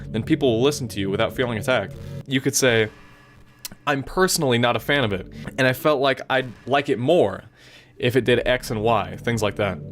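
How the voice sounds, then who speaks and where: A man reading aloud the lines of a sweet, possessive young female club president, gentle and self-conscious, later pleading. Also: mid-range voice, natural voice. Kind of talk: reading game dialogue aloud.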